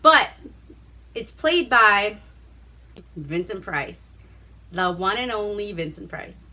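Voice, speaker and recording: Slow-talking, bright-voiced woman recapping a film. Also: medium pitch, very animated. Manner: profane, chatty, acts out quotes. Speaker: vlog host reviewing a movie. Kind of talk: casual movie recap.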